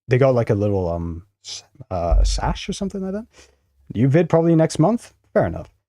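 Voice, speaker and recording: A man's voice: medium pitch, big pitch swings, brisk, warm tone, dry recording, clean studio sound. Rambling, swearing man. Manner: rambling, swearing a lot, frequent laughter. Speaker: streamer. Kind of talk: casual reaction-stream commentary.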